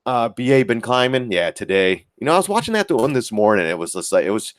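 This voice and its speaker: A man's voice: mid-range voice, fast, dry recording. A man giving blunt, profane live-stream commentary on stock charts and talking to viewers as guys. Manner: lively, mocks critics in put-on voices.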